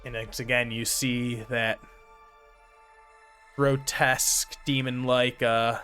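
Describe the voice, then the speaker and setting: A man narrating as game master in a relaxed way, with frequent fillers. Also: medium pitch, slow, faint music behind.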